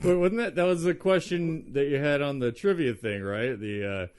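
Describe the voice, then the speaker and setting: A man's voice: a little high, moderate pace, a little mellow, clear, resonant tone. A man co-hosting a podcast, rambling and teasing his friends in casual chat. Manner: rambling, teasing, many fillers. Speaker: podcast co-host.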